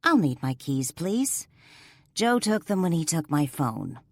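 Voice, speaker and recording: A woman narrator voicing a sharp, defiant heroine who speaks in insistent, clipped lines. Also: sits low, big pitch swings, a little slow, heavily acted.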